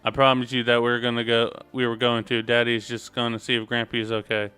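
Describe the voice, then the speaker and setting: A man reading an earnest noble father, gentle and reassuring, in his own smooth, clear voice. Faint game music plays beneath the dialogue. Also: mid-range voice, completely flat delivery, fast talker, lightly acted.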